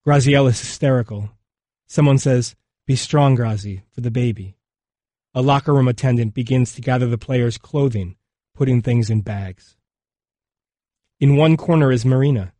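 A man reading scripted documentary narration in a measured, somber and unhurried way, recorded close on a studio mic. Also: mid-range voice, mellow, no echo.

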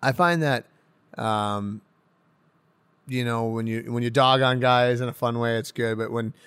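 A young man, a professional hockey player, chatting casually in an interview, excitable and rambling, laughing often. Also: mid-range voice, a little slow, clean tone, no echo. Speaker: pro hockey player guest.

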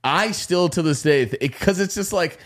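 A man's voice: high-pitched, normal speed. Young male co-host, laid-back and profane, casual podcast banter. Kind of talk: casual chat.

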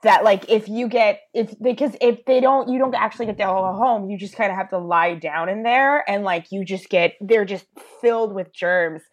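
A woman on a podcast panel, sarcastic and animated, telling stories with swearing. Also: mid-range voice, moderate pace, hardly any pauses. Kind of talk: casual political chat.

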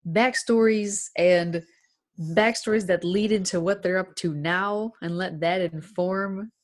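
A woman's voice: medium pitch, fairly even intonation, a little slow. A woman talking as a guest in a casual chat about role-playing, speaking in a thoughtful, friendly way and laughing easily.

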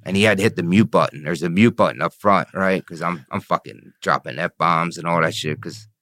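A man's voice: low-pitched, normal speed, fairly bright tone, no room sound, studio quality. A man telling his own story in an interview, blunt and profane, often asking "you know what I mean". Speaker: interview guest.

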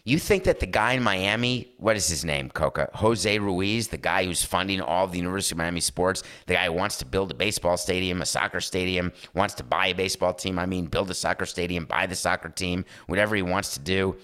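A man in his fifties rants through a sports talk monologue with sarcastic energy. His voice sits a little low, and he keeps the delivery lively and opinionated. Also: fairly quick, hardly any pauses, clean tone. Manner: animated, sarcastic, slips into mock voices.

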